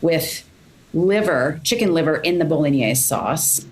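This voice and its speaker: A woman answering as a podcast guest in casual chat, sarcastic and quick to laugh. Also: deep voice, animated.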